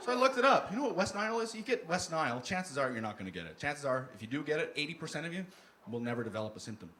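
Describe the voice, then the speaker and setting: A man performing an animated stand-up comedy set on a club stage, shouting his punchlines in put-on voices. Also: fairly high pitch, racing, very noisy. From Canada. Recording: live club recording with loud crowd laughter.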